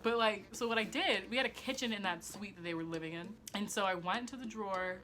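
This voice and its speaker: A woman's voice: medium pitch, fast, sharp tone. A young woman telling a personal story in a casual, profane way, with lots of "like" and laughter at herself. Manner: chatty and profane, heavy use of "like"; self-mocking, laughing at herself. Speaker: vlogger.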